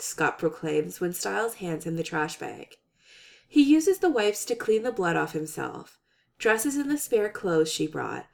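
A woman reading a comic story aloud with expressive, animated narration. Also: mid-range voice. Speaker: story reader. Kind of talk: reading fan fiction aloud.

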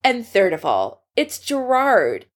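A woman reading a fan story aloud with expressive narration. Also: a little high, slow. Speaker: story reader.

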